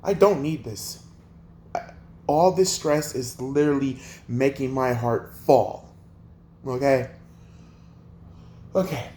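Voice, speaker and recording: A man's voice: mid-range voice, slow, pauses often, warm tone, reverberant, a little hiss or hum. A man hosting a sports livestream, ranting in an exasperated, profane way with lots of rhetorical questions. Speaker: sports channel host.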